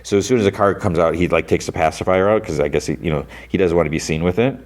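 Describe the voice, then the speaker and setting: With a low-pitched voice and a fast delivery, this male podcast host goes over an episode in a rambling, easygoing manner, leaning heavily on "like" and "you know."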